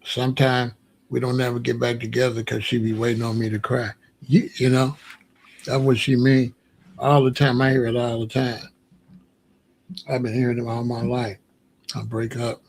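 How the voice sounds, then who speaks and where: A man's voice: medium pitch, flat delivery, moderate pace, vocal fry, long pauses, a little mellow. A man hosting a casual commentary show, talking bluntly and joking, often laughing at his own points. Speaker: show host.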